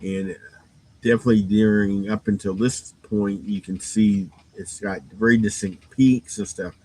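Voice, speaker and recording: A man's voice: fairly low pitch, fairly even intonation, unhurried, mellow, breathy edge, poor audio. A man who runs a game store, giving a rambling, casual shop update full of fillers and restarts and sounding a bit tired. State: yawning, tired.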